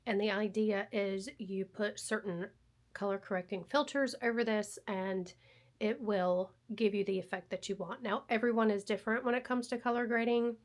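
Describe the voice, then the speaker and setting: A soft-spoken woman chatting casually while walking around her home for a vlog, thinking aloud into a wireless clip-on mic. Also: medium pitch. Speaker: vlogger testing a new camera.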